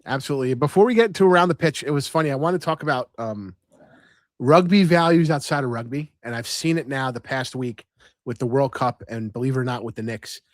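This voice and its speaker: A man's voice: mid-range voice, brisk, no room sound, clean studio sound. A man co-hosting a podcast, telling stories in a rambling, chatty way with lots of fillers and restarts. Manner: chatty storyteller, lots of "you know" and restarts. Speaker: podcast co-host. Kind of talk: casual chat.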